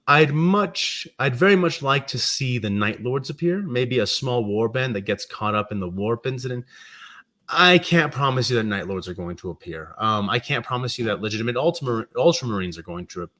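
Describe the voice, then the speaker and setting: A man's voice: mid-range voice, expressive, fairly quick, fairly bright tone. A man chatting casually on a livestream, reading viewer comments and rambling through his thoughts with frequent ums and self-corrections. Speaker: streamer and fan fiction writer.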